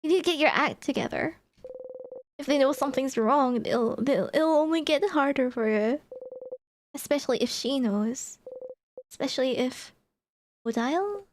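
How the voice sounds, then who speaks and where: A woman's voice: sits high, animated, moderate pace, pauses often. A woman streamer reading game text aloud and reacting expressively, exclaiming and laughing between passages.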